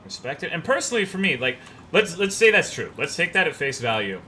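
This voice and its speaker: A man's voice: a little high, very animated, brisk, sharp tone, a little hiss or hum. A young man streaming a game, chatting loosely and profanely, rambling and reading chat messages aloud. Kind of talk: casual gaming stream chat.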